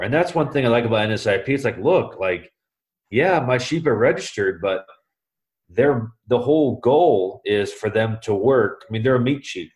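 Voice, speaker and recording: A man's voice: mid-range voice, a little mellow. A man who is a guest on a podcast, explaining his views earnestly with many fillers. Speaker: podcast guest, sheep breeder. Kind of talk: casual interview chat.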